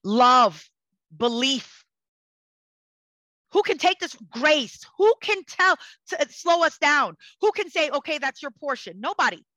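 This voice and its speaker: A woman in a casual conversation, speaking passionately and forcefully about self-worth in a preachy, motivational way. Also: high voice, sing-song, a little slow, no room sound, low-quality recording.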